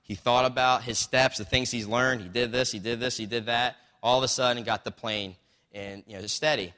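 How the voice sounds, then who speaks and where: A man preaching in an easygoing, storytelling way, his voice bright and forward. His words ring out with a long reverb that fills the church sanctuary around him. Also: mid-range voice, steady tone, moderate pace. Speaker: pastor. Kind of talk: sermon. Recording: long reverb of a large hall.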